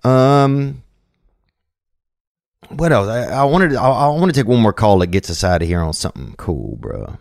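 Laid-back low-voiced podcast host. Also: male voice, sing-song, normal speed, gravelly, pauses often, a little mellow, dry recording, studio quality. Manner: rambling, profane, laid-back, full of "man" and "bro". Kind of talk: casual podcast chat.

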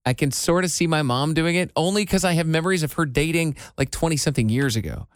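A man's voice: a little high, quick pace, no room sound. A man in his forties co-hosting a radio show, telling stories in casual banter and acting out quotes. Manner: animated storyteller, acts out quotes.

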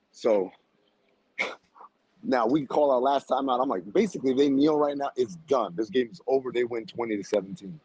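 A man on a podcast telling a story in a loud, animated way, laughing often and using lots of slang. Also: mid-range voice, moderate pace, slightly rough, no echo, poor audio. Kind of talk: casual chat.

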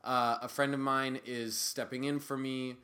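A young man co-hosting a podcast, talking casually and sarcastically, jumping from loud bursts to low mutters. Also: unhurried. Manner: animated, sarcastic, swings from loud bursts to mumbling. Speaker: podcast co-host. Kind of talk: casual chat.

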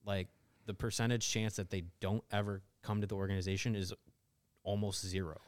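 A man's voice: lowish voice, flat delivery, a little fast. A man co-hosting a casual sports podcast, agreeable and thinking aloud with many small restarts. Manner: agreeable, hesitant, lots of restarts and yeahs. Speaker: podcast co-host.

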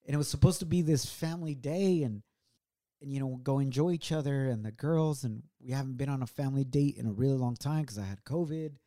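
A man's voice: mid-range voice, a little fast, warm tone. A middle-aged man co-hosting a podcast, telling a personal story in an earnest, reflective way. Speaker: podcast co-host. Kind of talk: casual, heartfelt storytelling.

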